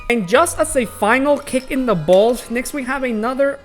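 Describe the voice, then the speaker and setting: A man's voice: very high voice, normal speed, soft background music. A man casually reviewing toys from his collection, rambling with many fillers and bursting into profane rants. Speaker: toy collector vlogger.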